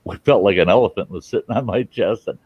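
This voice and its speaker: Older American man, host, very low voice, loose frank storyteller, dull recording. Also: quick pace, husky, no room sound. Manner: rambling, frank, swears freely, acts out quotes. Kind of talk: casual storytelling chat.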